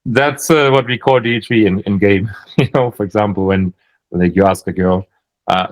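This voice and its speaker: A man's voice: lowish voice, normal speed, rough recording. A man with a German accent coaching on sales calls in casual chat, thinking aloud with many restarts.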